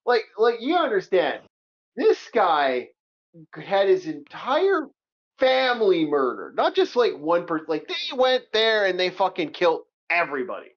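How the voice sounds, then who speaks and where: A man co-hosting a casual movie review chat, animated and swearing a lot as he repeats himself. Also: high voice, a little slow. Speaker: co-host of a movie review show. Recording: dull lo-fi sound.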